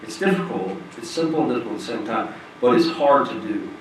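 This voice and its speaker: The president of a nonprofit gives an earnest, plain-spoken personal talk from a stage in a large hall, acting out the voices of people in his story. His mid-range voice is animated and quick. The hall echoes, the mic is distant, and a faint hiss runs underneath.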